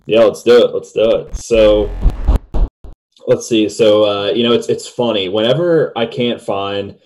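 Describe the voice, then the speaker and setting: A man's voice: fairly low pitch, a little slow, a little mellow, slight background noise, poor audio. A man co-hosting a sports talk show, casual and agreeable, often restarting his sentences. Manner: easygoing, agreeable, with repeated restarts.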